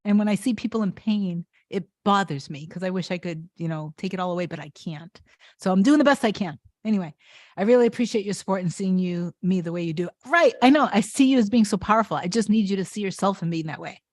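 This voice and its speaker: A woman's voice: mid-range voice, fast talker, dry recording. Woman coach, live Q&A, earnest and openly emotional, dry close sound. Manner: earnest, reads viewer comments aloud; emotional, warm-hearted. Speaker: manifestation coach. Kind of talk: live-stream Q&A chat.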